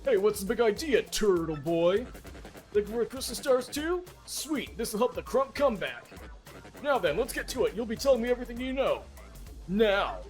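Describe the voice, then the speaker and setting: A man voicing a brash, loud male villain grunt who blusters and bosses others around. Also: high-pitched, big pitch swings, moderate pace, faint music behind, voice pushed up. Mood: blustering. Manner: blustering and bossy.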